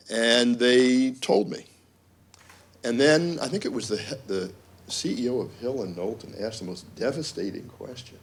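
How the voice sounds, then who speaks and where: A man's voice: medium pitch, expressive, measured pace. A middle-aged man, a university dean, giving a symposium talk full of wry asides and acted-out quotes. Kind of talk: symposium speech with anecdotes. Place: conference room.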